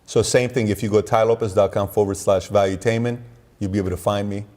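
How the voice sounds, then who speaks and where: A man's voice: fairly low pitch, fairly even intonation, quick pace, a little mellow. A man who is a guest in a casual talk, mostly giving brief, agreeable replies. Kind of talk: casual chat.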